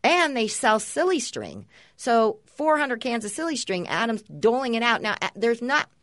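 Animated, expressive woman podcast host. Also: on the high side, moderate pace, dry recording, clean studio sound. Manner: animated storytelling, mimics others' voices. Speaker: mother. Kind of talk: casual chat.

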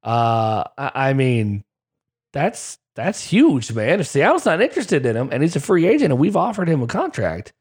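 A man's voice: mid-range voice, huge pitch swings, normal speed, slightly rough. A man co-hosting a casual sports podcast, talking in a chatty way with frequent "uh" fillers. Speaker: podcast co-host.

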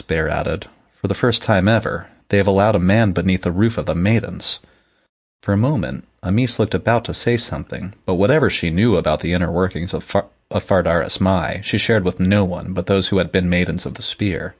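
A man with a very low voice co-hosts a casual book chat. He reads passages aloud between the talk and laughs easily. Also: brisk, slightly rough. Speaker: podcast co-host.

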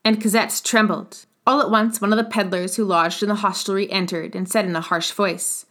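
Woman narrator, classic novel audiobook, steady measured reading, middle pitch.

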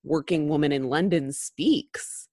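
Woman in her thirties, low-pitched, dry close sound; chatty co-host, heavy on fillers. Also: a little slow, darkish tone, breathy edge, no room sound. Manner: chatty, many fillers and restarts. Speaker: podcast co-host. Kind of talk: casual chat.

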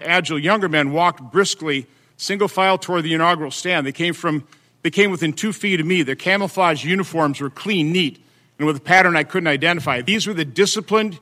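Brief: man, higher than most, bright, forceful tone, measured hearing-room reading with fillers. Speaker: senator at a hearing. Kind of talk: reading testimony into the record.

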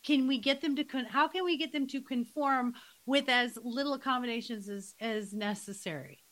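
A woman's voice: high voice, moderate pace, fairly bright tone. A middle-aged woman hosting a podcast, chatting casually with her guest and affirming what she hears. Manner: enthusiastic, affirming interjections. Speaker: podcast host and coach. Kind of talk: casual interview conversation.

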